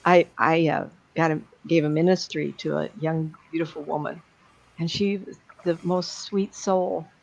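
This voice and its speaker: A woman's voice: deep voice, fairly even intonation, a little slow, vocal fry. A woman speaking as a psychic medium, giving a blunt, plain-spoken talk to an audience. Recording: dull lo-fi sound.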